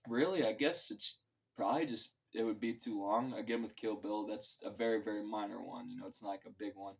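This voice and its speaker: A man's voice: on the low side, moderate pace, vocal fry, rough recording. A man giving a casual, rambling film review, full of fillers and loose, profane talk. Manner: filler-heavy, loose and profane, acts out quotes. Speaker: movie reviewer.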